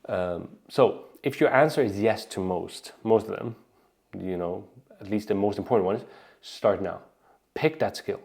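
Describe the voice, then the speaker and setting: A man with a light Swedish accent coaches his viewers in a relaxed, conversational way. His voice sits fairly low, and he keeps tossing in "right?" and restarting his phrases as he goes. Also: a little slow, vocal fry. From Sweden. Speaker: online business coach. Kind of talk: casual advice talk to camera.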